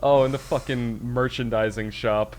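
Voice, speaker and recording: A man's voice: mid-range voice, steady tone, moderate pace, noisy background. A man co-hosting a casual podcast chat, rambling and self-deprecating, laughing often. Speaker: podcast co-host.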